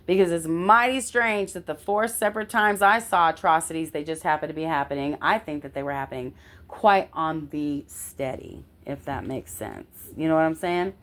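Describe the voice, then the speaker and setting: A woman's voice: low voice, moderate pace, a bit bright. A woman telling a personal story in a casual way, emphatic and indignant, swearing now and then and often checking in with her listener.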